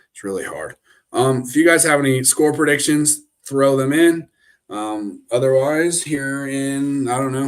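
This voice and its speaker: A young man hosting a sports live stream, ranting and rambling with lots of fillers and restarts, talking straight into his camera. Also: medium pitch. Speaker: sports show host. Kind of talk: casual live stream chat. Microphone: webcam.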